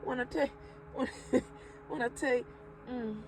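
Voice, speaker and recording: A woman's voice: sits high, unhurried, rough recording. A woman hosting a spiritual energy reading with spoken affirmations, drawing out her words, calling the listener baby, and breaking into chuckles. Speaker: spiritual reader and channel host. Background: music playing.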